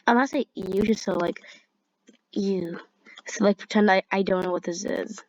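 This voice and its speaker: A woman's voice: mid-range voice, normal speed, a little mellow, no room sound, muffled recording. A young woman giving casual, rambling commentary while playing a game, giggling often and using lots of fillers. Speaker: gamer.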